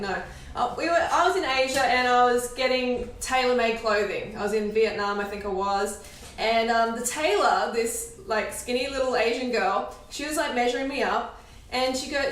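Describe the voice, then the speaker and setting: A woman's voice: a little high, a bit bright, a little hiss or hum. A woman vlogger chatting to camera in a casual, opinionated way, often laughing. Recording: echoey room, voice from a distance.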